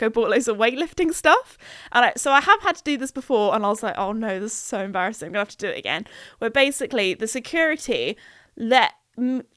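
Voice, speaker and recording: A young woman hosting a podcast, telling a story in a chatty, self-mocking way and acting out her own lines in higher voices. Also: a bit bright, dry recording, studio quality. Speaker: podcast host. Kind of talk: casual storytelling monologue.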